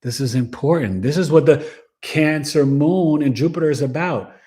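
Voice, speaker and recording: A man hosting a casual astrology livestream, giving animated, preachy advice with plenty of slang. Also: on the high side, normal speed. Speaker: astrologer and show host.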